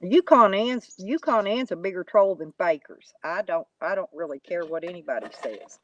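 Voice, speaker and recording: A woman's voice: on the low side, animated, moderate pace, no room sound, muffled recording. A woman, chatting casually to live viewers in a rambling, folksy, mocking way. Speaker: YouTube live streamer.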